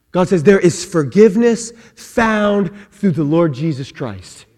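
A pastor preaching an impassioned sermon, dropping to hushed tones and then building to shouts. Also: male voice, fairly high pitch, big-room sound.

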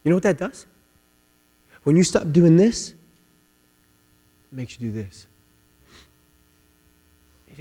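A man preaching a sermon with passion, repeating his words and swinging between loud, driving lines and hushed ones. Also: on the high side, very animated, slow, long pauses. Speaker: pastor. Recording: long hall reverb, mains hum.

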